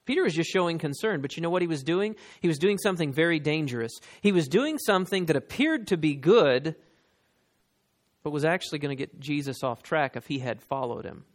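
A man preaching a sermon, talking straight to his listeners and reading scripture slowly and with weight. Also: fairly high pitch, animated. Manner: reads scripture slowly and with emphasis, talks to listeners directly.

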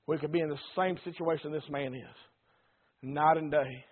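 A man preaching a sermon, swinging between loud passion and hushed warnings. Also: high voice. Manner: impassioned preaching that rises and drops sharply in volume. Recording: tinny phone-like sound.

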